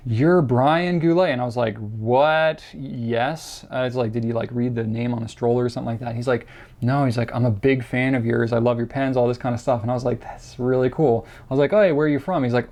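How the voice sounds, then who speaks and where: Rambling, gravelly-voiced man chatting. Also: mid-range voice, a little mellow. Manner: rambling and self-deprecating, many fillers and restarts. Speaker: host answering viewer questions. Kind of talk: casual chat to camera.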